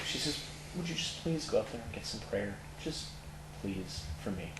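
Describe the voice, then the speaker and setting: A man's voice: mid-range voice, expressive, unhurried. A middle-aged Californian man, a tattoo parlor owner, candidly telling his life story in an interview with many fillers. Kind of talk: personal testimony in conversation. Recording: echoey room, faint noise.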